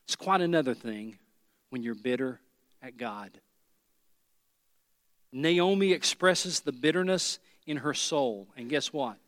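A man's voice: medium pitch, expressive, slow, pauses often, a bit bright, no echo. Preacher, male, emphatic, builds through repeated phrases, dry close sound. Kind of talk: sermon.

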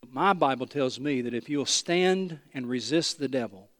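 A pastor, from East Tennessee, preaching a sermon with animated storytelling, self-deprecating humor and emphatic repetition. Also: male voice, medium pitch, moderate pace, no echo, clean studio sound.

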